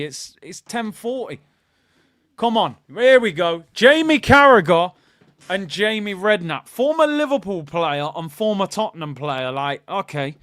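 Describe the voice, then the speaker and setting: A man hosting a live football watchalong, chatting with his viewers and shouting at good news. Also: fairly high pitch, no room sound, clean studio sound. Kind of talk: live fan stream chat.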